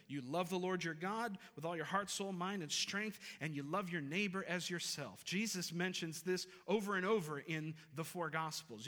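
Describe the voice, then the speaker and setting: A pastor in his thirties delivers a sermon, earnest and emphatic, driving points home by repeating phrases. His voice sits somewhat high and rings bright and forceful. The sound carries the long reverb of a church sanctuary from a stage mic. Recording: reverberant hall.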